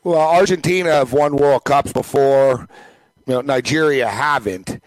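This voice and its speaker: A man's voice: medium pitch, a little slow, dry recording, rough recording. A man co-hosting a casual sports talk show, ranting emphatically and rambling with lots of fillers.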